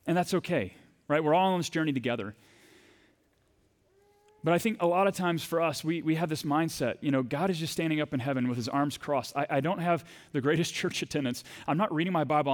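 Guy pastor in his 30s preaching, chatty stories then fired up, kinda high voice. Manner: conversational storytelling preacher, rising to fervent emphasis. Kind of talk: sermon.

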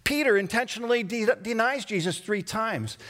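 A preacher with a high voice delivers a sermon. He drops to a hush, then rises into dramatic outbursts. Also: expressive, a little slow. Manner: dramatic, swings between hushed and raised voice. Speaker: pastor.

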